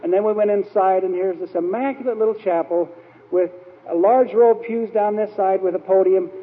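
This man's voice is high and a little fast as he delivers a storytelling sermon, wandering from anecdote to anecdote with plenty of fillers. It was captured in an old hall, so the audio is tinny with echo.

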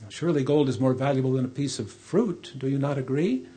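A man voicing an immortal stranger who grants wishes and asks measured, probing questions. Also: mid-range voice, dark tone, slightly rough, natural voice.

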